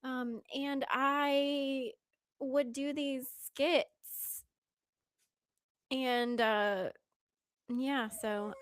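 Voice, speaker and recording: A young Southern American woman chatting on a live stream with a fairly high voice. She giggles a lot and slips into whispered asides between her chatter. The sound is dry and close, with no room around her. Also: fairly even intonation, very slow, long pauses, clear, resonant tone, dry recording. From Southern United States. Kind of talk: casual live stream chat.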